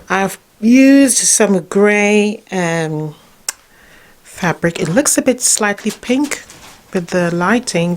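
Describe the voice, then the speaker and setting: A woman vlogger chatting casually as she explains her quilting progress in her sewing room. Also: mid-range voice. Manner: chatty, relaxed and unhurried. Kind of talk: casual how-to narration.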